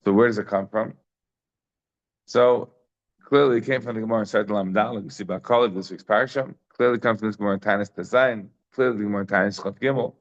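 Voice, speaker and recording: A man's voice: fairly low pitch, steady tone, fast, muffled recording. A man giving a daily Talmud lesson, emphatic and full of rhetorical questions, mixing in Hebrew and Yiddish terms. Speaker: Talmud teacher.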